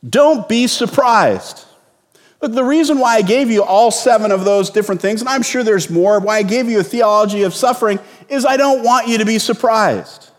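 A man's voice: high-pitched, normal speed, big-room sound. A male pastor preaching a sermon in a conversational, storytelling way with sudden bursts of emphasis.

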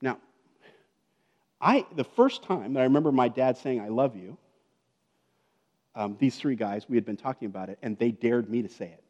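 A man's voice: medium pitch, lively intonation, fairly quick, darkish tone, highs cut off. A man preaching a conversational sermon as a pastor, with joking asides and frequent check-ins like "okay?" and "right?". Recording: long reverb of a large hall.

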